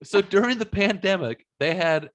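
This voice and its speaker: A man's voice: high-pitched, animated, moderate pace. Profane rambling male podcast host. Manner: profane, rambling, laid-back. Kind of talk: casual chat.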